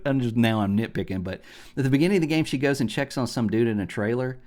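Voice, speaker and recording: A man's voice: mid-range voice, expressive, fast, darkish tone. A man from the American South, chatting on a gaming podcast, rambling and opinionated with lots of ums and restarts. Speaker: podcast host. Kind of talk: casual podcast chat.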